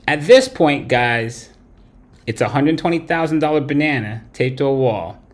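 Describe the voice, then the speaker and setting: Brief: male livestream host, mid-pitched, profane and blunt, ranting to his chat. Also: lively intonation, moderate pace. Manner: blunt, heavy swearing, tags lines with "right?". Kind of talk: profane late-night stream rant.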